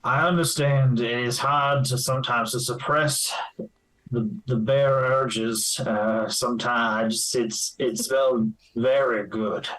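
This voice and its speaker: A man voicing a gruff, raspy dwarf man who shifts into a bear, speaking slowly and formally. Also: mid-range voice, fairly even intonation, a bit bright, far from the mic, rough recording. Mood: sheepish.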